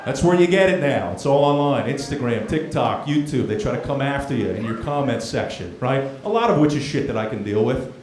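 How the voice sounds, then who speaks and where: A man's voice: mid-range voice, animated, brisk, a little mellow. A man performing a brash stand-up comedy set with confrontational crowd work on a comedy club stage. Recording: echoey club with crowd noise.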